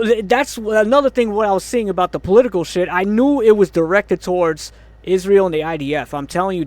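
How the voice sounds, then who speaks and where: A man ranting angrily about a movie, swearing a lot, groaning in exasperation and laughing in disbelief. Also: sits high. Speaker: movie reviewer. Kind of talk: angry movie review rant.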